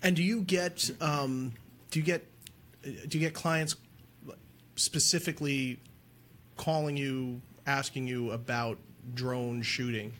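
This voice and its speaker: A man's voice: mid-range voice, fairly even intonation, slow, a bit bright, slight background noise. A man hosting a casual podcast chat, prompting his guest in a friendly way with frequent restarts. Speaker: host.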